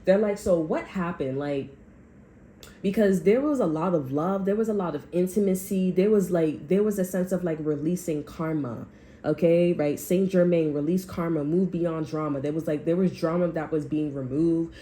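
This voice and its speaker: A woman with a warm, low-leaning voice gives a casual tarot reading at a normal pace. She rambles with plenty of "like," speaks bluntly, and swears frequently, coming across as blunt and heated.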